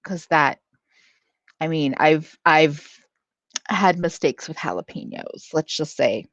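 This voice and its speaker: A woman's voice: low voice, animated, slow pace, no echo, highs cut off. A woman hosting a casual livestream, reading out chat, laughing often and swearing freely. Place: at home.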